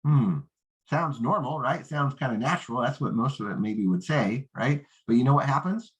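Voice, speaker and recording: A man coaches networkers in a confident, steady mid-range voice. He keeps checking in with "right?" and "okay?" as he teaches. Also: moderate pace. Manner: confident, acts out rookie and prospect lines in higher voice; peppers talk with "right?" and "okay?". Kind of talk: coaching lesson.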